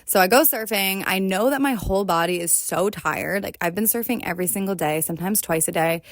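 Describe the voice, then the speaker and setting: On her reflective solo podcast, a host from the United States moves at a fairly quick pace in a medium-pitched voice. She's earnest and confessional, checking in with "right?" again and again. The recording is dry and studio quality.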